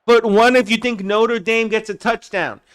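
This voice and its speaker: High, smooth-voiced male game streamer. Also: normal speed. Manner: bursts into excited play calls, then drops to quiet chat asides. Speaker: live streamer. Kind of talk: live play-by-play commentary on a football video game. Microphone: desk mic he drifts away from.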